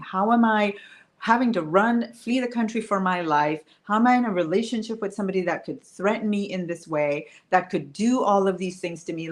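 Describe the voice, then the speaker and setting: A woman's voice: on the low side, moderate pace. Emphatic woman coach telling her story. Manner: emphatic, swings from hushed to raised. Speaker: women's wealth coach. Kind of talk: personal storytelling to an online audience.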